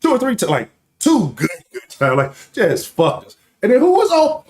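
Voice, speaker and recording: A man's voice: very high voice, huge pitch swings, normal speed, a little mellow. A man in his late thirties hosting a casual sports talk livestream, full of profane trash talk and always checking in with "right?". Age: late 30s. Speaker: sports talk show host.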